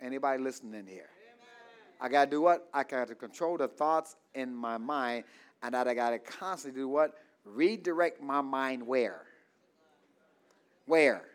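A man's voice: mid-range voice, expressive, moderate pace. A man preaching a call-and-response sermon in a church, leaving blanks in his lines for the congregation to fill and repeating key phrases. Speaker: pastor.

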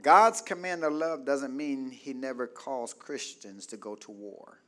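A man pastor a sermon with call-and-response, swinging from loud exclaims to soft asides. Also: mid-range voice, measured pace.

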